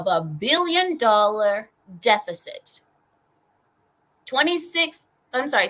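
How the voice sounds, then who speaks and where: Young woman host with a sarcastic, animated ranting delivery and a bright voice. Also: a little high, rough recording. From California. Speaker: streamer and host. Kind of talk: ranting news commentary.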